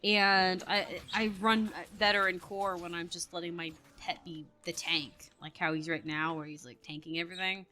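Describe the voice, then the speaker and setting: A woman's voice: on the low side, steady tone, moderate pace, few pauses, sharp tone. A woman chatting casually while playing a game, telling stories in a rambling way and laughing often. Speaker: gamer. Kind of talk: casual gameplay commentary.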